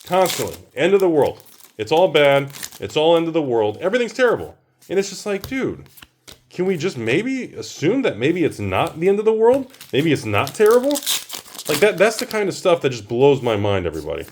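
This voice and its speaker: Animated ranting male vlogger. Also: on the high side, a little fast, a little hiss or hum. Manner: animated, ranting, exclaims over cards. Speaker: host opening card packs. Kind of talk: casual ranting commentary.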